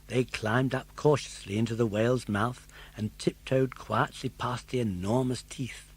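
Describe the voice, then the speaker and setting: An older man narrating a children's story in an expressive, animated way. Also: mid-range voice, a little slow, slightly rough. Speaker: audiobook narrator.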